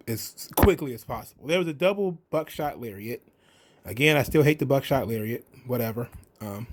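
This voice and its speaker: Male show host, casual and sarcastic, swears freely, slightly high voice. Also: a little mellow. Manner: blunt, sarcastic and profane. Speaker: host of a wrestling commentary show. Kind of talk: casual commentary.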